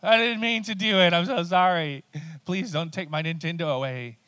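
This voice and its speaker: A man doing a tearful high-pitched penitent. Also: normal speed, fairly bright tone, clear, resonant tone, no room sound. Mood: tearful pleading. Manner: high whimpering apology. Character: remorseful pleading sinner, tearful and sorry.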